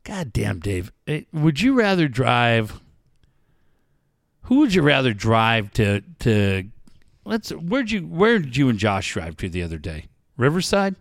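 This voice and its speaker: A man's voice: medium pitch, measured pace, creaky, no echo, clean studio sound. A man hosting a casual chat, telling stories with lots of swearing. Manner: profane, animated storyteller.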